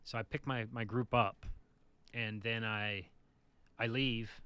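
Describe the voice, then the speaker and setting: Bright, clear-voiced man telling stories. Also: lowish voice, slow, no room sound. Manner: animated anecdote teller, acts out the people in his stories. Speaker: podcast co-host, bus driver. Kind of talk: casual storytelling chat.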